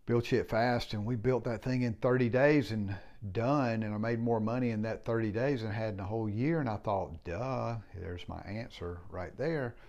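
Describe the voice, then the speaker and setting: A middle-aged man with a low voice speaks in a loose, rambling way, frank and plain-spoken, with an occasional curse. The recording sounds dull and lo-fi, as if the high end has been shaved off. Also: steady tone, brisk, few pauses, darkish tone. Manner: rambling, frank, swears casually. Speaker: home builder, business owner. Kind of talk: casual reflective monologue.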